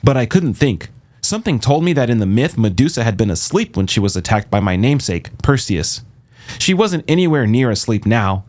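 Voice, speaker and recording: A man narrating an audiobook in the first person with a steady, measured delivery. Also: medium pitch. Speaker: audiobook reader.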